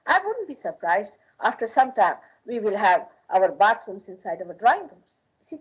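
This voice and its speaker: This 1981 archival recording, dull and lo-fi, captures a woman from India giving a forceful spiritual talk to a hall audience. Speaking with an Indian accent in a medium-pitched, slightly rough voice, she repeats phrases for emphasis.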